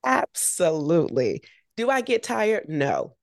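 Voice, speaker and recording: A woman guest, a triathlete and race announcer, telling her story in an energetic, animated way. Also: on the low side, slow pace, gravelly, no room sound, clean studio sound. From United States.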